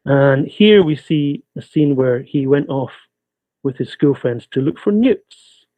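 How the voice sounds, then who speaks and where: A man from Scotland, giving a measured, explanatory webinar lecture as a guest speaker over a video call. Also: medium pitch, expressive, no room sound. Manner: measured, explanatory, pausing often. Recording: tinny, dry video-call audio.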